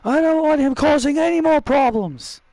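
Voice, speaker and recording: A man's voice: extremely high pitch, moderate pace, a little mellow, dry recording, pitched above the performer's own voice, low-quality recording. A man voicing a stern male wrestling authority figure giving orders. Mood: commanding. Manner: commanding.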